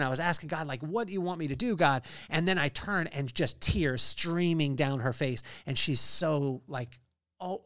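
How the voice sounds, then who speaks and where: A man's voice: on the high side, a bit bright, clear, resonant tone, dry recording. A man in his forties hosting a podcast, giving a casual faith-based motivational talk and reeling off lists of virtues. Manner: conversational, reeling off lists of virtues with rising energy. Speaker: podcast host.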